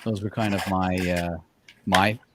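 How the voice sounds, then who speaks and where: A man's voice: low-pitched, steady tone, unhurried, background noise. A man chatting as a guest, speaking thoughtfully and often restarting his sentences. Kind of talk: casual chat.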